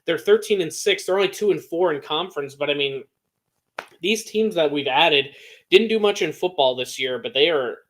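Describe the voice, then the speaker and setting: A young man with an American Midwest accent co-hosting a casual sports podcast, talking excitedly and rambling with lots of restarts. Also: on the high side, normal speed, slight background noise. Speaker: podcast co-host.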